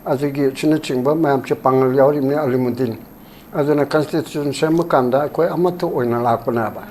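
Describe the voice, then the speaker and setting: An older man being interviewed about politics, speaking rapidly and emphatically, sometimes quoting documents in English. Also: mid-range voice, fairly even intonation, a little mellow, slight background noise. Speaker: former human rights commission chairperson, interview guest.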